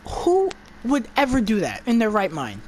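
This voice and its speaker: A woman's voice: on the high side, a little hiss or hum. A woman giving an exasperated, profane movie review, stumbling and restarting her words as she rants.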